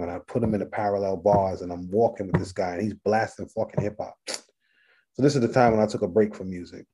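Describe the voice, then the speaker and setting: A middle-aged man, a rapper guesting on an interview, telling animated stories, acting out voices and swearing freely. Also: on the low side, fast, breathy edge. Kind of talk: casual storytelling interview.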